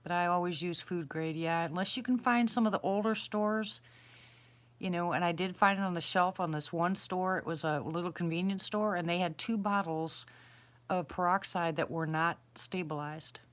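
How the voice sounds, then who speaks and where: A middle-aged woman with a slightly low voice chats loosely on a live stream, outdoors at night. She rambles and restarts as she answers her viewers one by one, in a plain, homey way. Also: moderate pace, fairly bright tone. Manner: rambling, chatty, answers chat questions aloud. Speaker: livestream host answering viewers. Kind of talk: casual live-stream chat.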